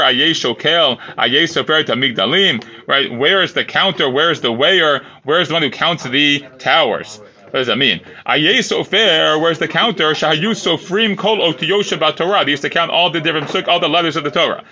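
Bright-voiced man teaching Talmud. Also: on the high side, dull audio. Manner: reads Aramaic lines then explains them loosely with fillers. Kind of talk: informal Talmud class, reading and translating.

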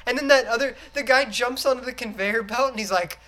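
Podcast co-host, man, bright voice, animated casual talk, acts out movie lines. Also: very high-pitched, brisk. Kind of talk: casual chat.

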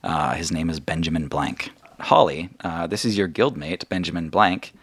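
A man running a tabletop game as game master. He talks loosely and rambles, with lots of fillers. His voice sits very low. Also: fairly even intonation, normal speed, a bit bright, breathy edge, dry recording. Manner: casual, rambling, filler-heavy.

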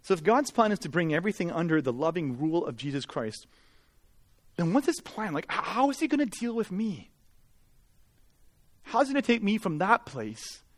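A young man, a pastor preaching a sermon and telling a lively story about himself with self-mocking humor. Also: fairly high pitch. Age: young adult. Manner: animated storytelling, laughs at himself, confessional.

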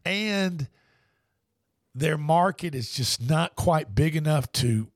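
A man's voice: a little high, expressive, slow pace, no room sound, studio quality. A man hosting a sports radio show, telling stories in a rambling, easygoing way. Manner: rambling storyteller with restarts. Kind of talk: casual sports talk.

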